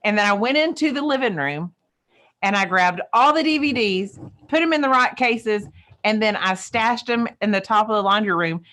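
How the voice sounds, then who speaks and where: Co-host, woman, folksy and emphatic storyteller, mid-pitched. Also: expressive, moderate pace, fairly bright tone. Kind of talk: casual coaching chat, storytelling.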